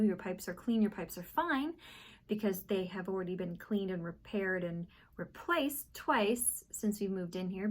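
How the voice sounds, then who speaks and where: Chatty young woman telling a story. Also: mid-range voice. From Texas. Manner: animated, acts out quoted voices. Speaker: vlogger. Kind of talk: casual storytime vlog. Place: apartment at home.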